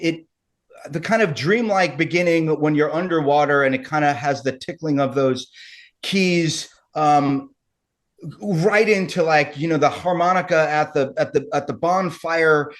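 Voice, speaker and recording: A middle-aged man, an actor guest, chatting casually and rambling with many restarts. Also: on the high side. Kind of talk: casual interview chat.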